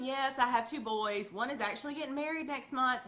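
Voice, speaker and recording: A woman's voice: high-pitched, brisk, few pauses, fairly bright tone. A woman with a Southern accent giving a sales training talk, chatty, acting out her talks with customers. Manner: chatty, acts out customer dialogue.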